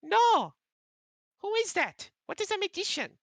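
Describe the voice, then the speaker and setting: A tiny, squeaky owl receptionist, put on by a woman, bursting with eager excitement. His voice jumps very high and swoops around wildly. The recording is dry and close. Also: unhurried, dry recording, heavily acted. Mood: excited.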